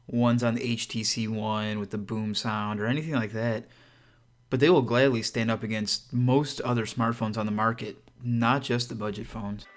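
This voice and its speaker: A man hosts his own channel and walks through a phone review in a relaxed, conversational way. He sounds upbeat and direct, with an ordinary middle-pitched voice, and keeps turning to the viewer with casual asides. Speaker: tech reviewer and channel host.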